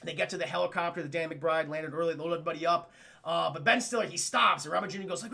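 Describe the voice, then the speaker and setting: Young male streamer, animated movie recap, bright edgy tone, swears freely and acts out lines. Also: high voice, quick pace, vocal fry. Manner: animated, swears a lot, acts out quotes in voices, laughs often. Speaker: film reviewer streaming to chat. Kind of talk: excited casual movie recap.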